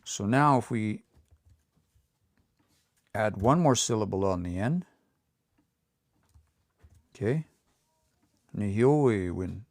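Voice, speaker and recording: A man teaching pronunciation on a livestream, repeating words slowly and coaching learners to say them out loud. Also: fairly low pitch, animated, no echo, clean studio sound. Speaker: language teacher.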